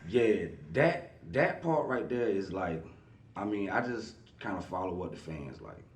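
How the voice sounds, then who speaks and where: A man, a guest in a casual interview, talking in a relaxed, rambling way full of fillers. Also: sits low, a little slow, distant mic. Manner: relaxed, rambling, many fillers like "you know what I mean". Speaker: artist manager, guest. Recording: echoey room, voice off-mic.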